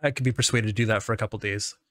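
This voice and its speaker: A man chatting casually on a podcast and cracking dark jokes. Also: fairly low pitch, rapid-fire, no room sound, clean studio sound. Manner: joking, deadpan dark humor. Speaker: podcast co-host. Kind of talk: casual chat.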